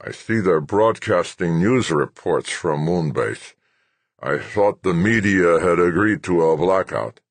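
A man voicing a cranky, failing old general who speaks slowly in a slurred, croaking voice. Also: low voice, no echo. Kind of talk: audiobook character voice.

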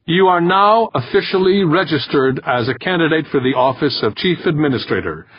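A man playing a loud, formal registrar. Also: medium pitch, wildly swooping pitch, a little slow, slightly rough, dry recording, pitched above the performer's own voice, heavily acted. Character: round-faced male registrar in his thirties. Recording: dull, dry, slightly muffled recording.

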